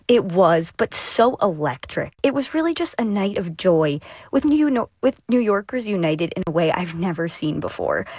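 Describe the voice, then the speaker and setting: A woman's voice: fairly low pitch, very animated, moderate pace, a little mellow, no room sound. A woman reporter describing street scenes she covered, speaking with a radio host in a live news interview.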